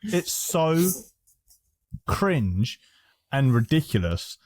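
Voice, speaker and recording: Man, podcast co-host, animated storyteller, laughs a lot, middle pitch, dry recording. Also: drawn-out words, no echo. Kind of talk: casual chat.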